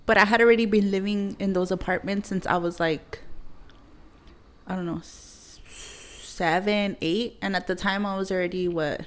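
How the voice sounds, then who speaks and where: A woman in her thirties hosts a podcast and tells a personal story in loose, casual chat. She speaks bluntly and swears heavily, and she rambles with plenty of fillers. Her voice sits at an ordinary pitch. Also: fairly even intonation, moderate pace. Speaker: podcast host.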